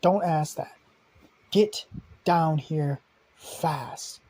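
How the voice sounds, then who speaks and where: A man voicing a blunt, foul-mouthed young male superhero who curses often and sometimes drops to a breathy hush. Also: on the high side, very slow, no echo. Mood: urgent. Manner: swears constantly, often hushed and breathy.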